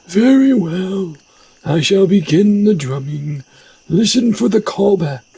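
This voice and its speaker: A stern old shaman master with a strained high voice and a slow, weighty delivery, as a man puts him on. He speaks loud and husky, every warning stretched out as if over a game's ritual scene. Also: lively intonation, no echo, heavily acted. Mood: solemn. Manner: solemn, drawn-out warnings. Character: old male shaman teacher, stern and solemn.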